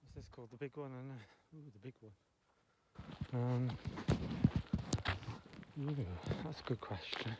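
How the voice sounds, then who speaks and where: A man's voice: medium pitch, a little slow, long pauses, very noisy. A man chatting in a rambling, self-interrupting way as he walks up a hill, out of breath. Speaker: vlogger. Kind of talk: rambling personal chat. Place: outdoors, walking up a hill.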